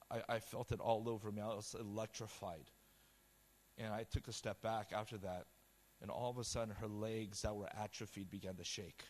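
A man preaching a sermon, telling a personal testimony with quoted dialogue in a passionate, loud style. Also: on the low side. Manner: storytelling with quoted dialogue, repeated words.

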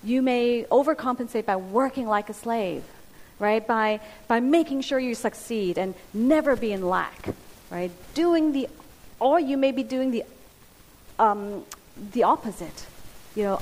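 A woman giving a sermon, speaking earnestly with pauses and restarts. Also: fairly high pitch, expressive, darkish tone. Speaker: preacher. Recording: hissy hall with long reverb.

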